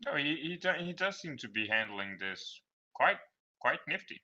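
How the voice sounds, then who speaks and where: A man's voice: mid-range voice, very animated, normal speed, sharp tone, muffled recording. A man playing in a tabletop game, amused and stammering on his first words. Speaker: player.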